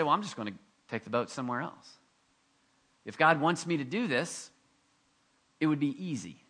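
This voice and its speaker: A male pastor preaching a conversational, animated sermon with self-deprecating asides. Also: a little high.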